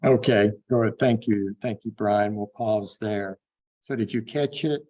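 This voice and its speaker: A man teaching a Bible class, unhurried and thinking aloud with frequent fillers. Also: on the low side, a little mellow, lo-fi sound. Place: online classroom.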